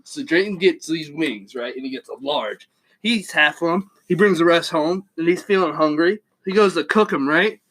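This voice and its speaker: High-voiced animated man telling a story. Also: normal speed, poor audio. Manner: animated storyteller, laughs often, swears. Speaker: podcast co-host. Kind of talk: casual storytelling chat.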